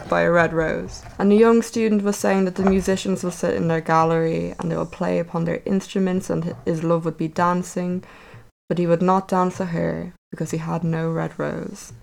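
Low, creaky woman telling a fairy tale. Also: darkish tone, a little hiss or hum, rough recording. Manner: wry, conversational asides. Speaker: storyteller. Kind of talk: casual retelling of a fairy tale.

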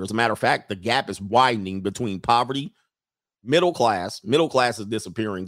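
A fairly low-pitched male voice comes through clean studio sound with no echo. The man is a live stream host who reads viewer comments aloud and plays off them in a joking, loose manner. He talks directly to the chat, offering casual commentary.

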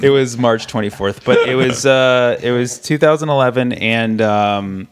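A man in his thirties, a comedian guest, chatting in a relaxed, upbeat way on a podcast. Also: medium pitch, normal speed, a little hiss or hum. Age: 30s. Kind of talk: casual podcast chat.

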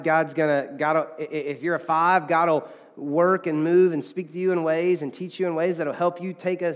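A fairly high-voiced man preaches to his congregation in an earnest, conversational way, often restarting sentences and slipping into little acted-out quotes. His voice rings out with a long hall reverb, as in a church sanctuary. He sounds like a pastor talking straight to his people. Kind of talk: sermon.

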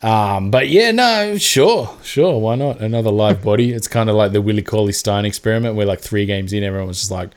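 Australian male podcast co-host, lowish voice, loose and animated, swears freely. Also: normal speed. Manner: animated, swearing, acts out mock quotes. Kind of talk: casual sports chat.

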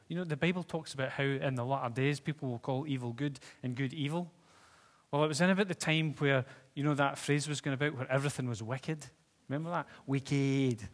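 A man's voice: medium pitch, a bit bright. A man preaching a sermon in a church, talking conversationally and putting questions to the congregation. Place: church hall with seats. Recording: long reverb of a church hall.

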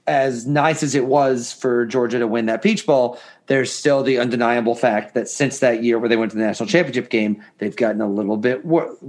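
A middle-aged man in casual sports chat, animated and full of restarts. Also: mid-range voice. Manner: animated, many restarts and fillers. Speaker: podcast co-host.

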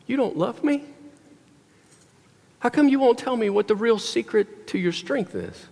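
A man's voice: very high-pitched, animated, a little slow, creaky, a little mellow, voice pushed up, exaggerated voice. A preacher voicing a nagging, wheedling woman in a whiny, raised voice. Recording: long hall reverb.

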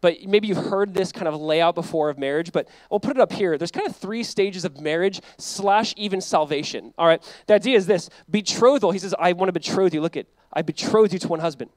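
High-voiced casual man preaching. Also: fairly quick, few pauses, no room sound. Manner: conversational preaching, acts out quoted voices, frequent "like". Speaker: pastor. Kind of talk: sermon.

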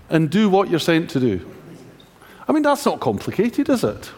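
Scottish man preaching with lively humor. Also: on the high side, moderate pace, slightly rough, long reverb tail. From Scotland. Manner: humorous storytelling, rhetorical questions. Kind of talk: sermon with personal anecdote.

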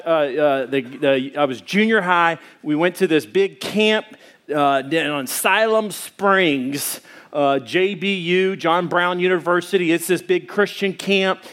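A middle-aged man preaching a sermon, telling a personal story in an animated, conversational way with frequent restarts. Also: fairly high pitch. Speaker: pastor.

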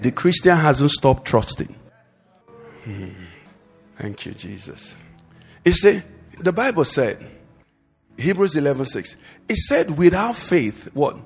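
A male pastor delivers a sermon at a deliberate, unhurried pace, pitched a little high for a man. He keeps throwing questions to the congregation and waiting for them to finish his sentences. The sound carries the long reverb of a large hall. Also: breathy edge. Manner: preaching with call-and-response questions to the congregation. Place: church service.

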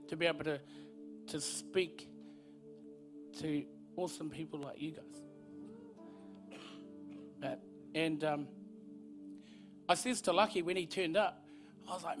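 A man giving an earnest, halting testimony at a church service. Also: a little high, steady tone, music in the background. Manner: earnest, halting, repeats words as he speaks. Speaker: guest speaker sharing his testimony.

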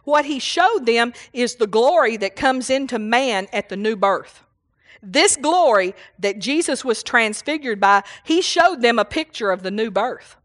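A woman's voice: on the high side, expressive, moderate pace, fairly bright tone. A woman preaching a rambling, folksy sermon at a church service, often laughing and saying hallelujah.

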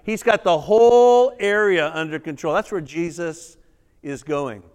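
A male pastor preaching a sermon, reading scripture dramatically and breaking into animated asides to the congregation. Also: fairly high pitch, unhurried, clean tone. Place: church sanctuary. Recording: reverberant church hall.

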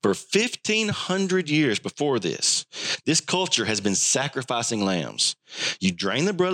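A man preaching a sermon, acting out the voices of the people he quotes. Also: mid-range voice. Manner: animated, acts out quoted voices. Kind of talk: sermon teaching.

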